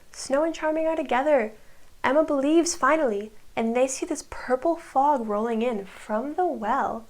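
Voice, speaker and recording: A woman casually recapping a show in a chatty, breezy way, with quick asides as she paraphrases scenes. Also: high voice. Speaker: recap vlogger.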